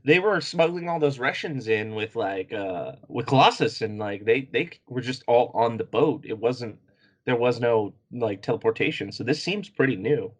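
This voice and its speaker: A man's voice: medium pitch, lively intonation, moderate pace. A man co-hosting a podcast, chatting casually about comics with jokey asides. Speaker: podcast co-host. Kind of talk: casual comic book discussion.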